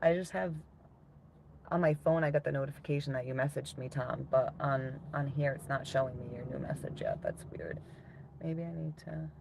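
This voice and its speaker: A woman's voice: rumbling low, moderate pace, creaky, noisy background. A woman casually chatting with viewers on a livestream, rambling loosely and swearing often while reading out comments.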